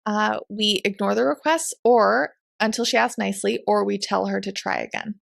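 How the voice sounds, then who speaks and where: Woman co-host, heavy vocal fry, reads questions, short friendly asides. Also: medium pitch, steady tone, moderate pace. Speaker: co-host reading listener questions. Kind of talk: reading questions, casual chat.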